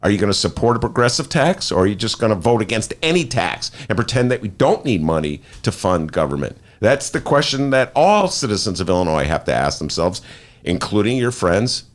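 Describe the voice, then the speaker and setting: A man with a Chicago accent hosts a talk show from a studio, making his points in an emphatic, argumentative way. His pitch swings widely as he talks. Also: very animated, brisk. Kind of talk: opinionated political talk. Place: podcast studio.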